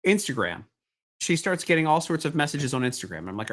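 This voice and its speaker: A man's voice: on the high side, sing-song, brisk. A middle-aged man hosting a casual online talk show, chatting loosely and rambling from one thought to the next. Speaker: host. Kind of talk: casual chat.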